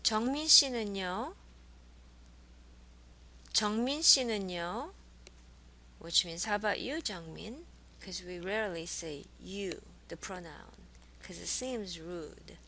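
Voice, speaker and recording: A woman teaching a language lesson, saying model phrases slowly and over-enunciating them, then repeating them for her students. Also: lowish voice, fairly bright tone, husky.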